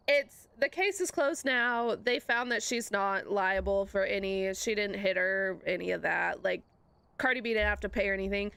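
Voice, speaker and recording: A woman's voice: on the high side, a bit bright, no echo. A young woman streamer chatting casually to her viewers, rambling through a story, laughing often and greeting people in an upbeat voice. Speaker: live streamer. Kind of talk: casual live-stream chat.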